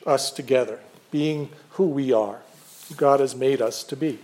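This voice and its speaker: An older man, a pastor, preaching a sermon in a measured, earnest way with gentle humor. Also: fairly high pitch.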